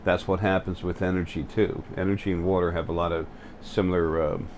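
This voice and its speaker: A man with a very low voice talks straight to the camera on his own spiritual channel. He keeps stopping on fillers and restarting his sentences, with a faint hum of noise under him. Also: level tone, darkish tone. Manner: halting, full of fillers and restarts. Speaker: channel host. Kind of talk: spiritual vlog monologue. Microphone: facing the camera.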